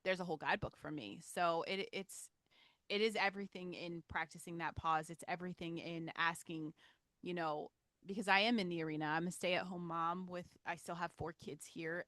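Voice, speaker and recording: A woman's voice: on the low side, a bit bright, no room sound. A woman in her forties hosting a podcast, chatty and blunt, casually swearing as she rambles. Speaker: podcast host. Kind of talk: casual interview chat.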